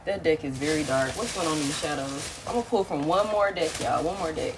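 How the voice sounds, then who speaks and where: Low-voiced chatty woman reading tarot. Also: a little fast, background noise. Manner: casual, chatty, repeats herself, says y'all, laughs often. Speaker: tarot reader. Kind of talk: live-stream tarot reading.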